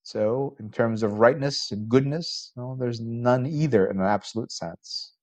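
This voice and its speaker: A man lecturing as a college philosophy professor, conversational and posing rhetorical questions, animated when telling a story. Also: mid-range voice, measured pace.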